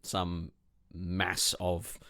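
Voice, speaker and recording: A man's voice: low-pitched, very slow. A man co-hosting a tabletop roleplay podcast, chatting casually and joking with laughter. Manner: jokey, laughing, animated. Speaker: podcast co-host and game master. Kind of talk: casual banter.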